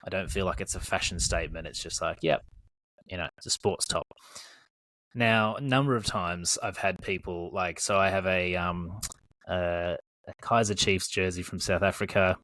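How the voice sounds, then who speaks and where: A man in his thirties, a podcast co-host telling animated stories in casual chat, swearing and acting out what people said. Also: low voice, moderate pace, dry recording. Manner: animated storyteller, swears, acts out his own quoted lines.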